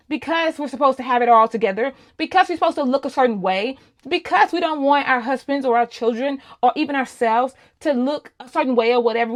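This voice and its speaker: A woman in her thirties giving a candid, personal faith talk to other women, speaking casually and addressing listeners as y'all. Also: high-pitched. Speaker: host.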